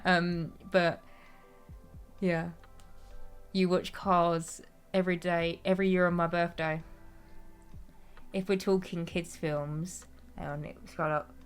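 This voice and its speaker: A woman's voice: lowish voice, level tone, slow, long pauses, smooth, faint music behind. Chatty woman streamer, giggly. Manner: chatty, giggly, reads chat aloud. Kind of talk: casual livestream chat.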